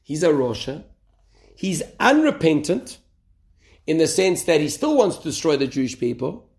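Rabbi-type male speaker, rousing Torah talk, high gravelly voice, answers his own questions. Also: sing-song, normal speed.

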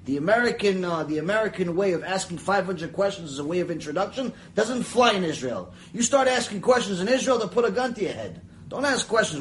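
A man's voice: sits high, brisk, few pauses, slight background noise, rough recording. A man teaching a Mussar lecture, telling stories, acting out the voices in them and wandering into chatty asides. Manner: animated, acts out the voices in his stories. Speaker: Torah teacher.

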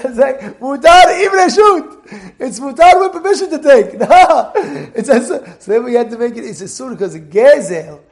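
Male Torah teacher with a high voice, animated and laughing, repeats himself a lot, casual class. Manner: animated storyteller, repeats words, laughs often.

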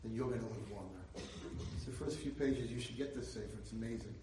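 A man giving an inspirational Torah lecture, telling a story and building to loud, emphatic peaks. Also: fairly low pitch, fast talker, recorded from a distance, background noise. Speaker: rabbi lecturer. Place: lecture hall. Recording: echoey hall, speaker away from mic.

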